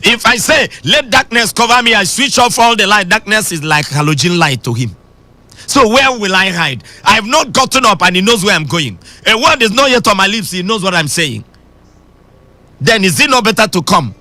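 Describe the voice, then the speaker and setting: Bright, lively preacher man. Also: sits high, moderate pace, no room sound. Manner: emphatic preaching that swings between shouting and sing-song. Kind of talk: radio sermon.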